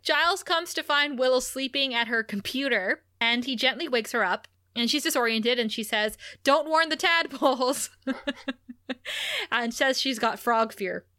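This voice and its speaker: A woman with a bright, sharp tone and a fairly high voice, chatting as co-host of a podcast. She recaps scenes in an animated way and laughs easily. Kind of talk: casual recap chat.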